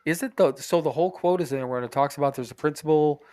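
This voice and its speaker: A man's voice: on the high side, quick pace, a little mellow, dry recording, clean studio sound. Rambling, laughing man on a podcast. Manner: rambling, profane, laughs often. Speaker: podcast co-host. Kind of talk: casual chat. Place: bathroom.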